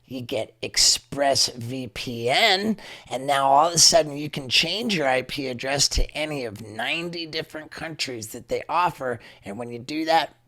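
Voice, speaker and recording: A man hosting a podcast, bluntly joking with his guest and then rolling into a sponsor pitch. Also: measured pace, hardly any pauses, bright, forceful tone. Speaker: podcast host. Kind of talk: casual chat and ad read.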